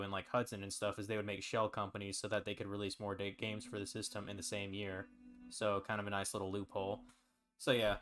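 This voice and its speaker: A man streaming live, chatting casually in a rambling, relaxed way with lots of fillers and the odd swear word. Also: on the low side. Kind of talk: casual chat.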